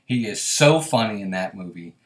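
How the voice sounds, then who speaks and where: A man's voice: lowish voice, animated, normal speed, reverberant. A man hosting a casual live stream, chatting and laughing often as he reads viewer comments aloud. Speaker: host.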